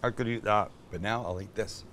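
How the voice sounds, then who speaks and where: A man's voice: on the low side, fairly even intonation, fairly quick, noisy background. A middle-aged man hosting a cooking show in casual, enthusiastic chat, full of exclamations as he cooks.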